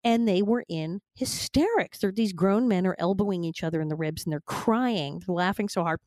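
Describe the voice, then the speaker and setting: A woman's voice: mid-range voice, normal speed, no echo, studio quality. A woman in her fifties, a guest actress, telling anecdotes animatedly and laughing often. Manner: animated, laughing often, quoting others with exaggerated tones. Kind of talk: anecdotal storytelling.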